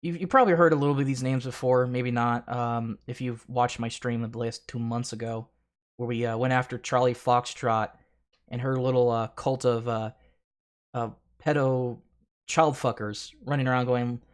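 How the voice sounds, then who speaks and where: A man's voice: medium pitch, fairly even intonation, moderate pace. Rambling, profane man hosting a livestream. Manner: profane, rambling, laughs often, stumbling restarts. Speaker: livestream host. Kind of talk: casual livestream chat.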